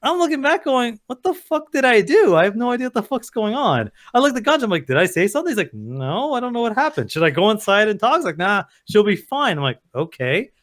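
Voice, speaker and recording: A young man telling a story in a casual podcast chat, animated and profane. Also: high-pitched, quick pace, few pauses. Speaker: podcast co-host.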